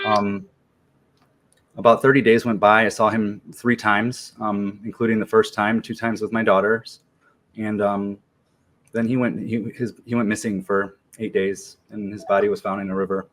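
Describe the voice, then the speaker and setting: A man in his forties, a podcast guest, telling a personal story in a relaxed, slangy way with many ums and restarts. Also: on the low side. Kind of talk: casual storytelling interview.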